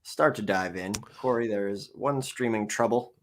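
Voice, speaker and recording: A man's voice: lowish voice, moderate pace, slight background noise. A man hosting a live stream, introducing a screen-share lesson with casual, joking banter.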